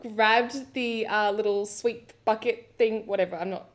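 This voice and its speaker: A woman co-hosting a podcast, telling an animated story in casual chat and laughing often. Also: medium pitch, a little slow. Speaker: podcast co-host.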